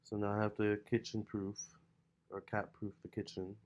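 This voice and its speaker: A tarot reader and vlogger chats casually at home, a cat nearby, in a fairly low voice at a moderate pace. He's relaxed and loose, full of fillers like "like" and "you know," and the sound comes from a laptop or camera mic.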